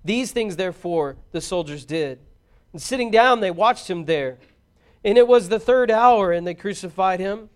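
A man giving a solemn, measured formal scripture reading. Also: sits high, animated, clear, resonant tone. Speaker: scripture reader.

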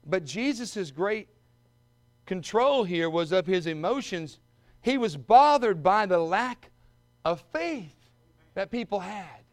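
Male pastor, high voice, preaching with big swings from hushed to shouted. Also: animated, slow pace. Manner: preaching with surges to shouting peaks; addresses listeners as friends. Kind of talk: sermon.

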